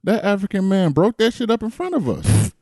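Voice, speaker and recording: Brief: male podcast co-host, blunt cussing interjections, wildly varied pitch, dry sound. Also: wildly swooping pitch, brisk, a little mellow, no echo. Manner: short profane reactive interjections. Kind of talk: casual chat.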